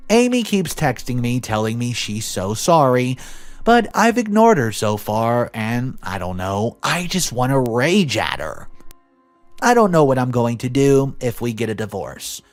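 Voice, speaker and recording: A narrator reading online stories aloud, adding their own commentary and acting out the quoted lines. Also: medium pitch. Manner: expressive storytelling, acts out quoted lines. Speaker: story narrator and channel host.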